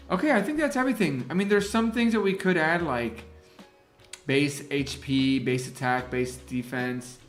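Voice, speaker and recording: A man's voice: on the high side, normal speed, roomy sound, faint music behind. A man hosting a casual design livestream, thinking aloud as he works and greeting the people in the chat. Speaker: livestream host and graphic designer.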